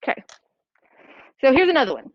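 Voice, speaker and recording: A woman teaching a writing lesson to a class, brisk and checking that students follow. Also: high-pitched, huge pitch swings, no room sound. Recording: dull lo-fi classroom recording.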